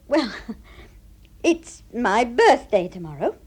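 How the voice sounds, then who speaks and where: A sentimental, easily moved wife in an old radio play. Her high voice flutters and swoops with feeling. She talks in the polished manner of classic radio acting. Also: big pitch swings, extremely slow, slightly rough, full character voice. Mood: coy. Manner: fluttery, emotional. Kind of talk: 1960s radio drama acting.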